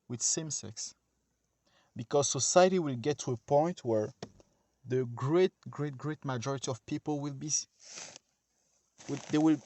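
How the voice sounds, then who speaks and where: A man's voice: on the high side, darkish tone, no room sound. Emphatic man preaching a sermon. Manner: emphatic and repetitive, addressing listeners directly.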